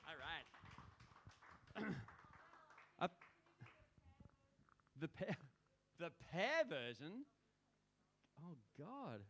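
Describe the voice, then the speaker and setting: A man's voice: fairly high pitch, fairly bright tone. A man, a musician chatting playfully between songs at a small live venue. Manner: playful, chatty, self-mocking. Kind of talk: stage banter between songs.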